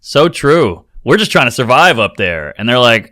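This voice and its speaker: A male comedian hosting a casual podcast chat, quick and jokey, slipping into mock voices. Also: medium pitch, very animated, pushed and bright.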